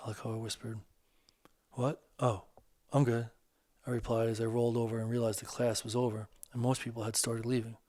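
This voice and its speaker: A man narrating his own first-person novel in a steady, measured way. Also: medium pitch, no room sound. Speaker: author and narrator.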